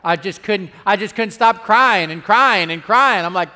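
Pastor, male, high voice, preaching with "amen?" asides, swings from hushed to loud, long hall reverb. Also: normal speed. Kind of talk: sermon.

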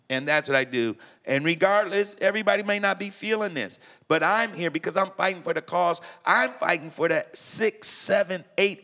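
Middle-aged pastor type, emphatic and preachy, slightly high voice, repeats himself for weight. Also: male voice, pushed and bright. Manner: emphatic, quotes scripture, repeats phrases. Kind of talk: preaching-style conversation.

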